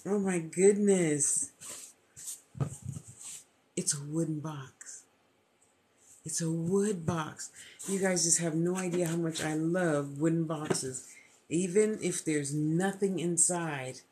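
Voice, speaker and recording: A woman's voice: sits low, warm tone, a little hiss or hum. A woman vlogger in casual, gushing chat while opening a gift box. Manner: gushing, thankful, talks slowly.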